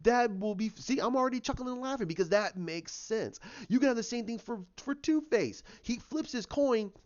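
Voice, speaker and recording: A man's voice: very high voice, lively intonation, moderate pace. A man giving his opinions in a casual vlog, ranting in an opinionated way. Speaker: YouTuber. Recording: dull lo-fi recording.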